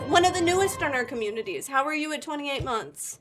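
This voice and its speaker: Bubbly high-voiced woman streamer. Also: a little fast, few pauses. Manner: bubbly, excitable, shouts viewer names, swears casually. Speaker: livestreamer. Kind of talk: casual live-stream chat. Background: faint background music.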